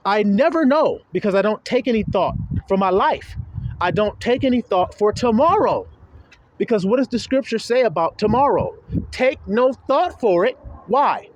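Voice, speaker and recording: High, lively man preaching a loose sermon. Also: moderate pace, dull audio. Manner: profane, folksy, addresses listeners directly. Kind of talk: informal sermon.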